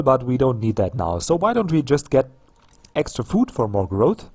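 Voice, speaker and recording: A man's voice: medium pitch, very animated, moderate pace, a little mellow, husky. A man giving casual let's play commentary on a strategy game, musing aloud with frequent ums and restarts. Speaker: gameplay commentator.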